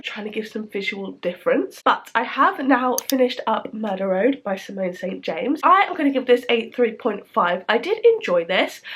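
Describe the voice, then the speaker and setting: A young woman in her twenties, chatting casually about books in a home vlog, with lots of "like" fillers. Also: medium pitch. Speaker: book reviewer. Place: at home, seated on the floor or at a desk.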